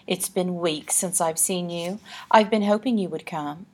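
A woman reading aloud, voicing a genteel, secretive ghost lady from a painting who speaks in a soft, prim, old-fashioned way. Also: fairly low pitch, measured pace, slightly rough. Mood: gracious.

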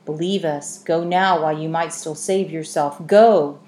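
Woman voicing a ghostly nightgowned woman, hushed, urgent, low mellow tone, echoey room. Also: fairly even intonation, normal speed, lightly acted. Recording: echoey room, faint hiss.

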